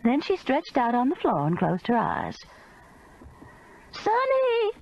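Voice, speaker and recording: A woman reading a cozy mystery audiobook in expressive first-person narration. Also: fairly high pitch, moderate pace, creaky, highs cut off, slight background noise. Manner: expressive storytelling.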